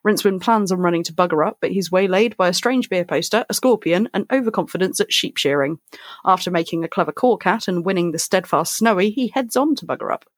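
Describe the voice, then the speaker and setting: A woman's voice: lowish voice, dry recording. Woman recapping a book, dry mic. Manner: recaps plot in quick alliterative summary. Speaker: podcast co-host. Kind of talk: casual book podcast chat.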